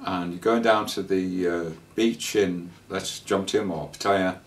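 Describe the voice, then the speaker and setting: A man's voice: low-pitched, fairly even intonation. Rambling man, slightly distant mic. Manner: rambling, halting with many fillers and restarts. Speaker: traveller sharing scam warnings. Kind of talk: casual spoken anecdote.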